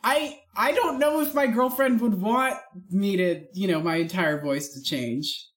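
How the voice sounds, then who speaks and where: A woman's voice: medium pitch, a little slow. Dry, teasing woman podcast co-host. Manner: dry, teasing, laughs often. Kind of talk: casual chat.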